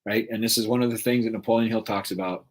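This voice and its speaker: A man's voice: fairly low pitch, steady tone, quick pace. A man giving an earnest, emotional motivational talk, often ending points with a rhetorical "right?". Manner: rhetorical, keeps adding "right?". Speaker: motivational speaker.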